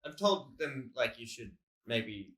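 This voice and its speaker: A man's voice: medium pitch, animated, takes it slowly, a bit bright. A man with an Australian accent, a comedian co-hosting a podcast, telling rambling stories and acting out quotes in casual chat. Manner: rambling, storytelling with acted-out quotes. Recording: roomy echo.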